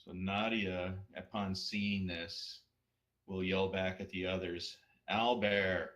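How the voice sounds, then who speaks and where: A man's voice: deep voice, flat delivery, takes it slowly, fairly bright tone. A man playing in a tabletop game, casually asking the game master questions about the rules. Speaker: player.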